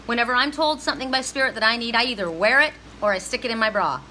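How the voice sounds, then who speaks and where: A woman's voice: on the high side, quick pace, sharp tone, a little hiss or hum, rough recording. A middle-aged woman giving a heartfelt, emphatic spiritual reading to viewers on a live stream. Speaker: psychic reader.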